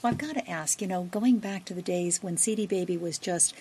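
A woman's voice: fairly low pitch, fairly quick, warm tone, slight background noise. A woman hosting a conversational interview, upbeat and enthusiastic, with a self-deprecating humor. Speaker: interview host.

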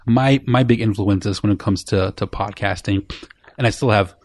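A man's voice: on the low side, normal speed. A man hosting a podcast, chatting casually and encouraging his guest. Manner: encouraging, friendly, laughs easily. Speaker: podcast host.

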